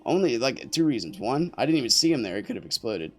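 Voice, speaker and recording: A man's voice: medium pitch, big pitch swings, fast talker, soft background music. A young man chatting casually to his stream while playing, rambling and joking with viewers and teammates. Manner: rambling, jokey, talks to chat and teammates. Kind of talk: casual gameplay commentary.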